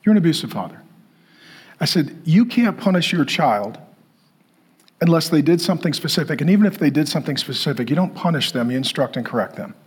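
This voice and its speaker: Preaching to his congregation, this pastor speaks a little fast in a slightly high voice with a breathy edge. He animatedly acts out the quoted voices of the characters in his story.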